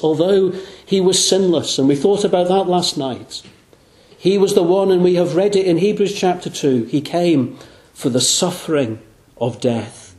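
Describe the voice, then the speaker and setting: A man with a fairly high voice preaches an evangelistic sermon in a church. He is earnest and lets his voice sink low and slow on the phrases he wants to land. The room around him rings with echo. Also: darkish tone. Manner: earnest, slows and drops low on key phrases. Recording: echoey room.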